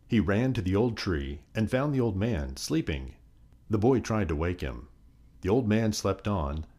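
A man reading a children's folk tale aloud in a sing-song, expressive storyteller's manner. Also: sits low.

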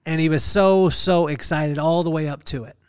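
A man hosting a podcast, telling an emotional personal story in an earnest, halting way with many fillers. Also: fairly high pitch, steady tone, clear, resonant tone, dry recording, studio quality. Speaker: podcast host.

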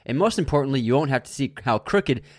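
A man's voice: medium pitch, expressive, fast talker. A young man co-hosting a podcast in casual banter, teasing and laughing a lot. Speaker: podcast co-host.

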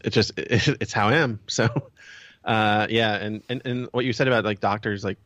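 A man talking as a guest in a casual conversation, relaxed and agreeable, with halting starts. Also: fairly low pitch, no room sound. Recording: dull, dry lo-fi sound.

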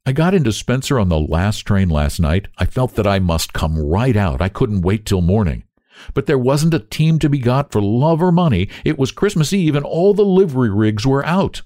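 A man's voice: mid-range voice, big pitch swings, moderate pace, dry recording, studio quality, pitched above the performer's own voice, lightly acted. A man voicing a grown brother back from prospecting, telling his tale in a sober, hearty way. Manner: warm, sober storytelling. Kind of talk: audiobook character voice.

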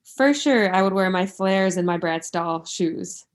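A young woman co-hosting a casual chat podcast speaks vehemently and profanely, repeating herself for emphasis. Her voice is on the low side, a little slow, with lively intonation.

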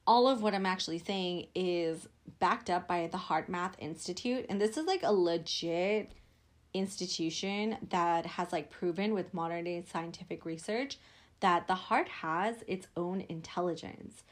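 A woman's voice: lowish voice, measured pace. A young woman hosting a podcast as a life coach, talking casually with lots of "like" fillers and acting out inner voices. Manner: chatty, frequent "like" fillers, acts out inner voices.

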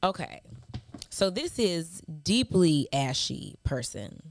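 A woman's voice: lowish voice, big pitch swings, slow pace, slight background noise. A woman in her thirties co-hosting a podcast. She talks in a sassy, mocking way and reads hate mail aloud, laughing as she goes. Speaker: podcast co-host. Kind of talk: casual chat.

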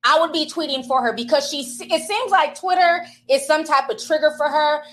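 A woman's voice: high voice, normal speed, a bit bright. A woman giving sassy, casual gossip commentary, swearing now and then. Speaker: commentary vlogger.

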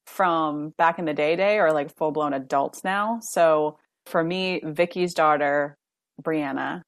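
A woman with a notably low speaking voice hosts a casual podcast chat. She talks in an animated, gossipy way, full of "like" and quick laughs. The recording is dry and close, with no room sound. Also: dry recording. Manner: chatty, animated, frequent laughs and "like". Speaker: podcast host.

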